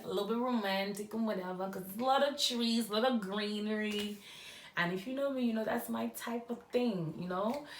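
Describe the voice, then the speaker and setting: A young woman casually telling a personal story to camera, acting out her own reactions along the way. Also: medium pitch. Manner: animated, acts out her own quoted reactions. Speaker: storyteller vlogger. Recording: echoey room.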